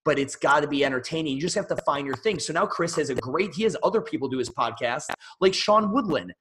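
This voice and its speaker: A man's voice: a little high, expressive, fast, a bit bright, low-quality recording. A man hosting a casual podcast chat, talking bluntly and opinionated with frequent swearing.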